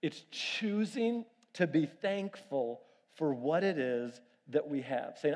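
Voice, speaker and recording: A man preaching a sermon, telling family stories with lively animation and asking the congregation to raise their hands. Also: on the high side, slow pace. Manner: animated storytelling with audience questions. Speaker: pastor. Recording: long reverb of a large hall.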